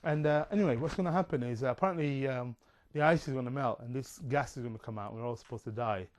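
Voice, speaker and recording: Man, casual rambling talker, digressive, lots of "um" and "you know", mid pitch. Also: fast. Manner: chatty, digressive, many fillers.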